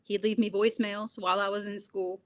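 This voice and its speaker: A young woman in an interview who talks earnestly in a middle pitch. She laughs often and leans on fillers as she goes. Her delivery is candid and steady. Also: a little fast. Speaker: guest. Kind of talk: interview conversation.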